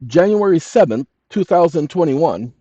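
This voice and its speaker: A fairly high-voiced man lectures his audience with insistent emphasis, slowing down to dictate text word by word. The recording is dry and dull, with a muffled, lo-fi sound. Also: very animated, husky, dry recording. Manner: emphatic, addresses listeners as "ladies and gentlemen"; slow, deliberate dictation of text. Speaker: channel host. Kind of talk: lecturing monologue to viewers.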